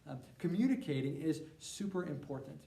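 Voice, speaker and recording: A young man teaching a church course by video, relaxed and with frequent fillers as he tells a personal story. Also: on the high side, a little fast, vocal fry, very noisy. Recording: roomy sound from a distant mic.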